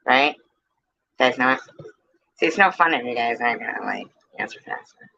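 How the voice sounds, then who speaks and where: A woman's voice: extremely low pitch, lively intonation, moderate pace, creaky, long pauses, bright, forceful tone, muffled recording. A woman hosting a casual livestream, chatting with viewers in a playful, teasing way and swearing freely. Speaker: livestream host.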